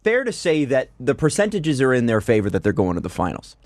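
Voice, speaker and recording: A man's voice: medium pitch, wildly swooping pitch, fairly quick. A man co-hosting a sports podcast, cracking wry, dry jokes and laughing often. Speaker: podcast co-host. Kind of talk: casual sports debate.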